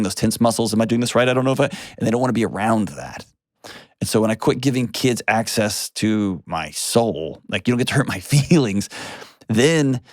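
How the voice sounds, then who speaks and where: Blunt, low-voiced man. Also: no echo, studio quality. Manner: direct, blunt and plainspoken, repeating key phrases. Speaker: host. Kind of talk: advice show, talking with a caller.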